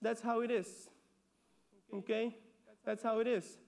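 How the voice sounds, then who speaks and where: A man from the Philippines preaching a sermon in an animated way, often repeating words and checking in with "okay?". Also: very high-pitched, unhurried. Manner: animated, repeats words, acts out voices of disciples; laughs between points, asks "okay?". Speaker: pastor.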